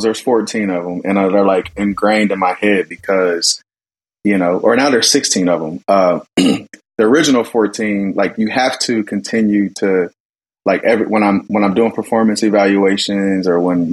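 A man talking as a podcast guest, telling relaxed stories full of restarts and laughs. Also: lowish voice, brisk, breathy edge, low-quality recording. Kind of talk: casual conversation.

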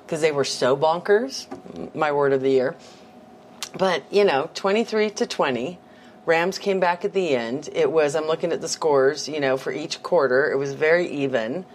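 A woman's voice: sits low, a little hiss or hum. A young woman hosting a sports podcast, chatting casually and laughing often. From Spokane area, US.

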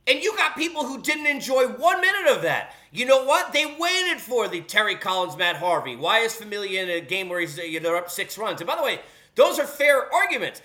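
A man's voice: extremely high pitch, sing-song, a little fast, sharp tone. A man hosting a sports talk show, ranting in a heated, sarcastic way full of rhetorical questions. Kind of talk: animated sports commentary rant.

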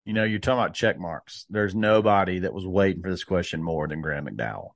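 A man co-hosting a casual podcast, easygoing and quick to agree. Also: low-pitched, creaky, no room sound, clean studio sound. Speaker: podcast co-host. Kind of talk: casual chat about golf.

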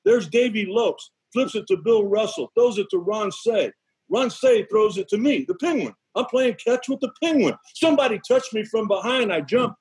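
A man who was a pitcher, telling lively stories on a sports show and acting out other people's lines. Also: normal speed, breathy edge, low-quality recording. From Connecticut, USA. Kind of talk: animated storytelling on a sports show.

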